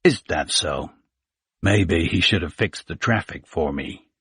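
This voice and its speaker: A man's voice: low voice, a little slow, fairly bright tone, slightly rough, no room sound, studio quality, full character voice. A man voicing a surly, curt male courier with an American accent.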